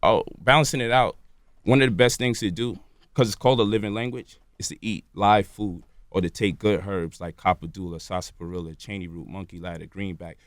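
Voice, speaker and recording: A man's voice: low-pitched, steady tone, fairly quick, dry recording, clean studio sound. A man, a radio show guest, explaining at length in a lecturing way and checking in with "right?" and "you feel me?". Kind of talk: lecturing interview talk. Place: radio studio.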